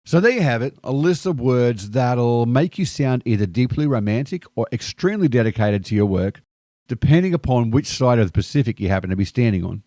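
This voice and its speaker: A man with an Australian accent telling stories to camera in a lively, slang-filled monologue. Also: medium pitch, brisk, dry recording, clean studio sound. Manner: lively anecdotal delivery sprinkled with slang. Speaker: video host. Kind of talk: scripted storytelling monologue.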